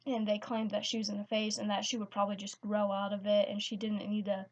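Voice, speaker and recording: A woman's voice: medium pitch, completely flat delivery, quick pace. A teenage girl telling a personal story in a vlog, hesitant and full of restarts. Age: teens. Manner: hesitant, many restarts and fillers. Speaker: vlogger. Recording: slightly dull lo-fi sound.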